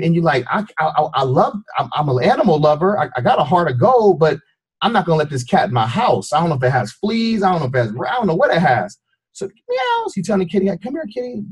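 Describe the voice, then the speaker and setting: A man's voice: fairly high pitch, darkish tone, husky. A man giving a motivational talk as a fitness trainer, preachy and repetitive, often asking his listeners questions. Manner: preachy, repeats himself, asks the audience questions. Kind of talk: motivational speech.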